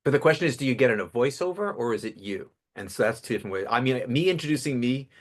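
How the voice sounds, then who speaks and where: A man in his fifties, a public speaking coach interviewed as a guest, telling stories with animated delivery. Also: mid-range voice, quick pace. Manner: animated storyteller, acts out voices. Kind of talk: casual podcast interview.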